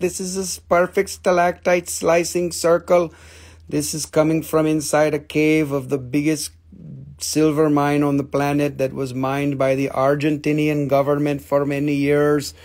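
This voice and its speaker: A man hosts a live rock and mineral sale in a loose, joking, rambling chat. His voice sits a little high for a man. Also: a little mellow. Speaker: host of a live rock and mineral sales stream. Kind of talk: casual live sales chat.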